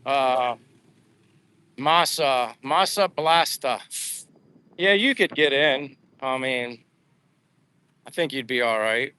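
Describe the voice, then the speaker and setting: This American man talks casually to his live stream during a daily walk on a seaside boulevard, reading comments aloud amid many fillers. His mid-range voice is bright and forceful, and he takes it slowly with frequent pauses; the sound is smooth.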